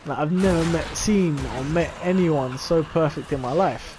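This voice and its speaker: A man's voice: a little high, animated, moderate pace, a little mellow, a little hiss or hum. A man, chatting casually and telling a long story full of swearing and filler words. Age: 20s. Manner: rambling and profane, full of filler "like". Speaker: vlogger.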